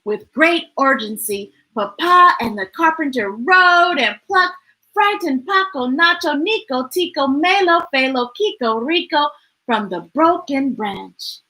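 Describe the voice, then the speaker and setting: High, expressive woman reading a storybook. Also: a little slow, poor audio. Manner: expressive, sing-song narration. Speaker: storytime reader. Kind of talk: children's story read-aloud.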